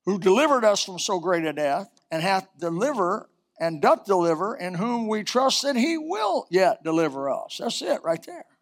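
High-voiced preacher, rising to shouts. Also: male voice, big pitch swings, moderate pace, hardly any pauses. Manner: preaching with sudden rises and shouts, reciting scripture. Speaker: pastor. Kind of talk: sermon.

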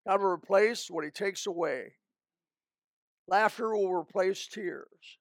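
A man's voice: sits high, slow, creaky, no echo, clean studio sound. An older man preaching a folksy, emphatic sermon, breaking into snatches of hymns.

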